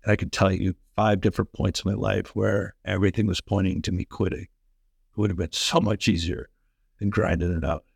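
Brisk and low, with a creaky, slightly rough texture, this former hockey player and coach in his forties energetically tells stories from his life in conversation. He's animated and full of enthusiasm, dropping "like" frequently, and the studio sound is clean with no echo.

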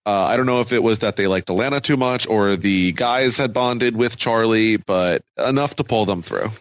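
A man's voice: on the low side, moderate pace, no room sound. A man from the United States co-hosting a podcast, recapping with frequent laughs and hesitant fillers. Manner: giggly, hesitant, many fillers. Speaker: podcast co-host. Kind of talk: casual chat recapping a reality show.

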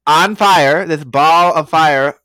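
A man with a bright, forceful voice tells stories with plenty of animation, dropping swear words and acting out what people said. His pitch sits a little high. The sound is dry and close, with no room around it. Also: slow, clear, resonant tone, no room sound. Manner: animated storytelling with swearing and acted-out quotes. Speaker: podcast co-host. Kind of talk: casual comedic chat.

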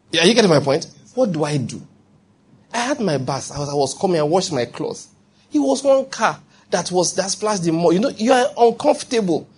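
A man's voice: sits high, breathy edge. A man preaching a sermon in a conversational way, acting out quoted voices and often checking that listeners follow. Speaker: pastor.

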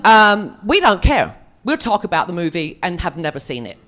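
Speaking as a guest at a fan convention panel, this actress shares self-deprecating, conversational stories with the crowd in front of her. Her voice is lowish and fairly bright, very animated, and delivered at a normal pace.

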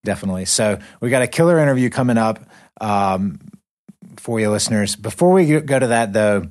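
Lowish and fairly quick, this young podcast co-host from the North Caucasus chats in a relaxed, loose way. He rambles along, piling up fillers and restarting sentences.

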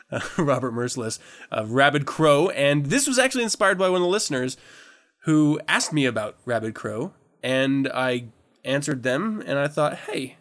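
A podcast host, a man with a mid-range and slightly bright voice, talks casually with frequent laughter. He swears freely and rambles, often restarting his sentences.

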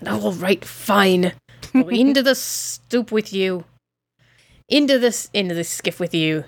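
A woman playing a wary, gruff old aunt and clan elder, grumbling in a lowered voice, with a dry close sound. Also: lively intonation, unhurried, no room sound.

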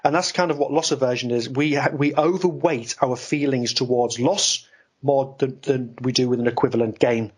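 A man, a guest on a podcast interview, explaining ideas in an animated, talkative way. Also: medium pitch, normal speed, slightly rough. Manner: animated, explanatory, self-deprecating about ranting. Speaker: guest, investment expert.

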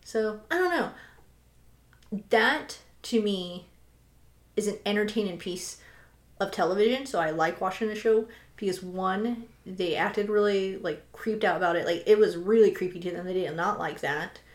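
A woman's voice: mid-range voice, moderate pace. A chatty woman co-hosting a podcast, her talk loose and full of filler words. She sounds like she's in an echoey room. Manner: chatty, lots of "like" fillers, animated retelling. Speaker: podcast co-host. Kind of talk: casual chat.

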